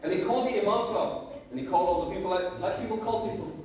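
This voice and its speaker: A man with a very high voice tells a moral story as a sermon, asking question after question and repeating key lines. He is heard from a distance in a strongly echoing room. A faint noise runs underneath. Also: racing, darkish tone. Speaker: preacher.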